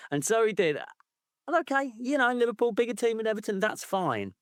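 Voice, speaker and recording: Animated, swearing man ranting on a podcast. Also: very high voice, a little fast, smooth, no echo, studio quality. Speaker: podcast co-host. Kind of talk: casual football podcast chat.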